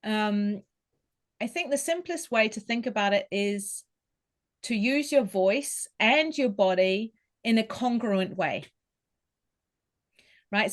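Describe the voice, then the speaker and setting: A woman talks as a vocal coach in a podcast interview. She explains clearly and carefully, and she shows each point by demonstrating how a voice can sound. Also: medium pitch, lively intonation, slow pace, long pauses. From New Zealand. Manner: articulate, instructive, demonstrates vocal tones.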